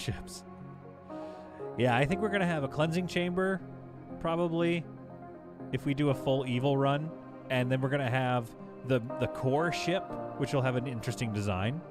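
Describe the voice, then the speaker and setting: Guy streaming a space game, chatting loosely with chat, music going behind him. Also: mid-range voice. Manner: chatty, reads chat aloud, laughs often. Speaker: livestream gamer host. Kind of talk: casual live-stream chat.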